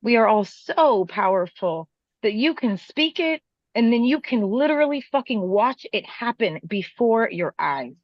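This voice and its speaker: Animated storytelling woman, dry lo-fi sound. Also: fairly high pitch, measured pace, no echo. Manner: animated storyteller who swears casually. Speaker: podcast co-host telling a work story. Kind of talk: casual chat, storytelling.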